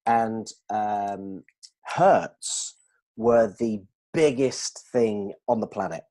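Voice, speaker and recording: Husky guy walking colleagues through examples, asks if it makes sense. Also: fairly low pitch, drawn-out words. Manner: animated, explains with examples and checks understanding. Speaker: dental communication trainer. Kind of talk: explanatory discussion.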